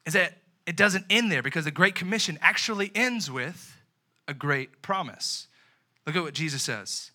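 A young man delivers a sermon in an easygoing, chatty way, sprinkling in slang and playing out little scenes. His voice sits a bit high and rings bright and forceful. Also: normal speed. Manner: animated, conversational preaching with slang and acted-out asides. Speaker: youth pastor.

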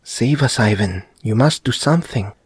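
A man voicing a frightened middle-aged wife and mother who pleads through tears in a dark audiobook story. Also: medium pitch, expressive, normal speed, slightly rough, no room sound, clean studio sound, voice pushed up. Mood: pleading. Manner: tearful, pleading.

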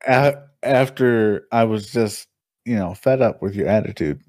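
A man's voice: fairly low pitch, unhurried, a little mellow, dry recording, clean studio sound. A young man co-hosting a podcast in casual chat, teasing and constantly interrupting. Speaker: podcast co-host.

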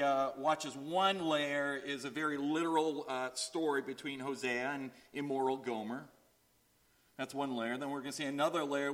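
A man preaching a sermon, telling a story and acting out the characters' lines. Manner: storytelling with acted-out voices, animated swings in pitch. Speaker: pastor.

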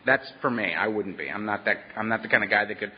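A man sharing his own story at a workshop, animated and wry, often laughing as he talks. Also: fairly low pitch, quick pace. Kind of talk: personal storytelling talk to a live audience. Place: meeting hall at a workshop. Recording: dull lo-fi with long hall echo.

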